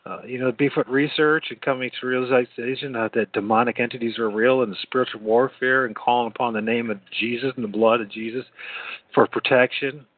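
Speaking briskly in a medium pitch with fairly even intonation, a man hosts his own casual late-night call-in podcast. He wanders from point to point, repeats himself and laughs readily, over tinny phone-style audio without echo.

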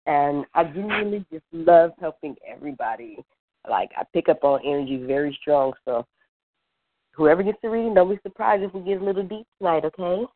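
A woman's voice: low-pitched, a little hiss or hum. A woman from Los Angeles, a guest intuitive reader on call-in radio, playful and laughing. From Los Angeles, California. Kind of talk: casual call-in radio chat. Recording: tinny phone line.

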